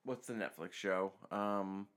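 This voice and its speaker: A man's voice: deep voice, slow pace, fairly bright tone. A man co-hosting a podcast in casual chat, rambling and searching for words with many ums. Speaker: podcast co-host.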